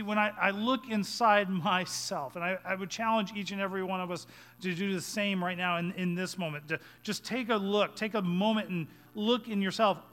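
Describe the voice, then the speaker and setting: A man preaching a sermon as pastor, swinging between hushed, low passages and loud, urgent ones.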